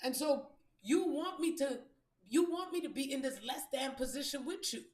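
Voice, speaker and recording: Blunt, high-voiced woman in an echoey room. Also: moderate pace, darkish tone. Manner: blunt, profane, emphatic. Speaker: podcast host. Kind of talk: candid storytelling monologue.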